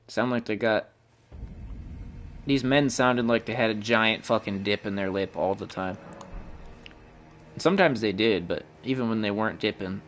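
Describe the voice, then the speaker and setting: A young man from the American Midwest talks low and loose to his stream chat as he plays. He rambles from topic to topic and swears constantly. A faint hiss of background noise sits under his voice. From Midwestern United States. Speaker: game streamer. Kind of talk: casual live-stream chat while playing.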